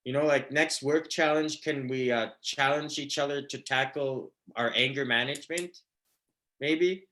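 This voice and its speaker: A man's voice: medium pitch, measured pace, bright, forceful tone. A man doing a stand-up comedy set, rambling with lots of fillers and laughing at his own jokes. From Canada.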